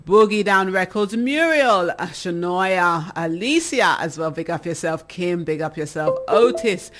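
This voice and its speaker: Woman DJ doing shout-outs. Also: on the low side, lively intonation, unhurried. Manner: laughs often, warm chatter. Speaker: livestream DJ host. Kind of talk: casual shout-outs reading chat.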